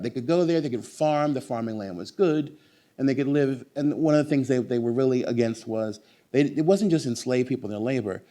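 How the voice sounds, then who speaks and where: A man with a mid-range voice speaks as the guest author at a bookstore event. He is animated and emphatic, and his answers wander into long, lively digressions. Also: mid-range voice.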